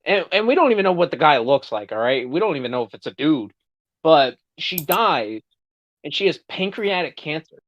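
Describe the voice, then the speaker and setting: A man's voice: on the high side, very animated, normal speed. A man hosting a podcast, casually retelling a story with plenty of swearing. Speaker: podcast host. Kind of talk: casual chat. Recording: dull lo-fi sound.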